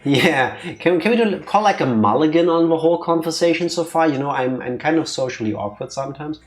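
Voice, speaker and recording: A man's voice: a little high, lively intonation. A man hosting a let's play, chatting and joking casually about the game. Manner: joking, chatty, quick to tease. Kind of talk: casual gaming commentary.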